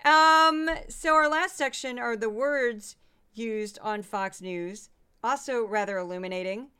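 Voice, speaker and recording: Speaking a little slowly in a fairly high, sharp yet clear and resonant voice, a weary woman runs a casual solo podcast. She talks through statistics, with self-deprecating remarks along the way.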